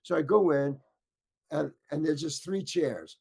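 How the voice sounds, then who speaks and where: Brief: older male actor as interview guest, lively swooping delivery, restless restarts, heated storytelling. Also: a little high, a little slow, creaky, husky. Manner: animated, stammering restarts, acts out voices in his story. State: getting worked up.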